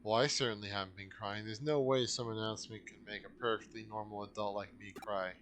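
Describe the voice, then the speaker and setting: A man's voice: lowish voice, steady tone, a little fast, fairly bright tone, a little hiss or hum, close to an everyday voice. A man voicing a sheepish grown visitor. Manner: defensive, sheepish. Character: embarrassed adult male aquarium visitor.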